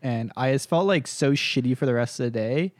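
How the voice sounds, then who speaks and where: A young man telling stories in a casual chat, animated, laughing often and swearing freely. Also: medium pitch, brisk, no echo, clean studio sound.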